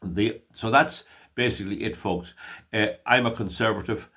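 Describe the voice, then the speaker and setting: A man's voice: lowish voice, normal speed, sharp tone. An older Irish man giving emphatic, opinionated political commentary in a vlog. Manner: emphatic, opinionated ranting delivery.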